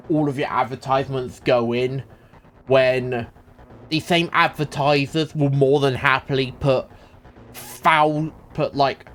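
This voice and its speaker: A young man live-streaming a game, rambling and ranting with lots of restarts. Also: medium pitch. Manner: rambling, self-interrupting, ranting. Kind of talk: casual live-stream chat while gaming.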